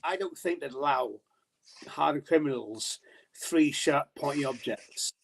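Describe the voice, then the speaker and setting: A man's voice: fairly high pitch, a little slow, crowd noise. A man as a podcast guest in casual chat, telling stories chattily, swearing and laughing often.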